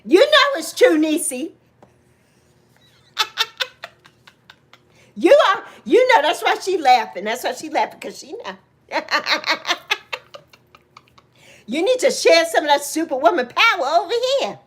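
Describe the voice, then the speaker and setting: A woman's voice: high-pitched, big pitch swings, brisk, hardly any pauses. A woman in her sixties from New York, chatting casually and teasing viewers by name on her livestream, laughing often. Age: 60s. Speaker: livestream host.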